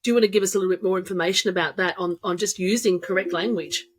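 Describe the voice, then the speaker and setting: A woman hosting a podcast, asking friendly, halting questions with frequent fillers. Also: fairly low pitch, steady tone. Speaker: podcast host. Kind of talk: interviewing a guest.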